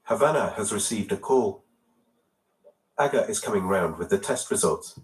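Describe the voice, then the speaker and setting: A man giving scripted documentary narration in a lively storytelling manner. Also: on the low side, normal speed. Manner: lively, even storytelling delivery.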